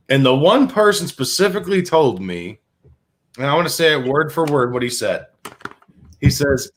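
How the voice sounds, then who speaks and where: A man's voice: mid-range voice, big pitch swings, moderate pace. A man hosting a sports talk show, ranting with profanity and many restarts. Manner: fired-up, profane, repetitive restarts. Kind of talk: heated sports radio rant.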